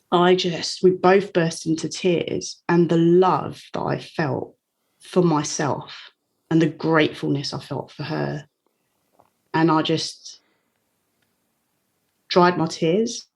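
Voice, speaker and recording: A woman speaking as an interview guest, telling a personal story in a candid, open way. Her delivery is warm and unguarded, with soft laughs slipping in between phrases. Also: low voice, gravelly. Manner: warm, open, frequent light laughs while recounting. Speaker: guest, coach.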